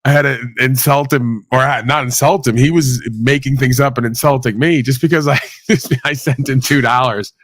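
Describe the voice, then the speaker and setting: A man's voice: medium pitch, fairly even intonation, moderate pace, few pauses, no room sound. A man hosting a livestream, ranting casually with blunt, sweary sarcasm. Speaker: livestream host.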